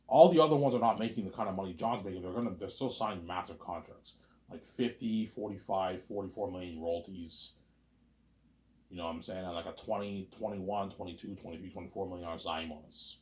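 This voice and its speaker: Man, lower pitch, casual vlog monologue; rambling, stop-start delivery swinging from excited to mumbled. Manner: rambling, repeats words and restarts, jumps between loud excited bursts and low mutters. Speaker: vlogger.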